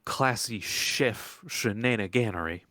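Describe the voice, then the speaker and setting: A man's voice: fairly low pitch, unhurried, bright, forceful tone, dry recording. A man voicing a folksy older woman who runs a swamp bait shack, with a put-on Southern drawl and a rambling way of talking.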